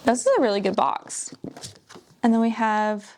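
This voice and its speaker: A woman chatting casually as she unboxes books, gushing, gasping and dropping into soft whispers. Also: on the high side, moderate pace, a little hiss or hum. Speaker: book vlogger.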